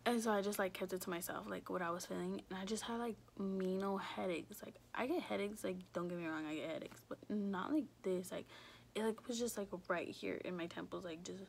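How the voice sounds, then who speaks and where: A young woman telling a personal story in a casual, rambling way, filling every pause with "like" and swearing freely. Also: medium pitch, gravelly, slight background noise. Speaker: vlogger.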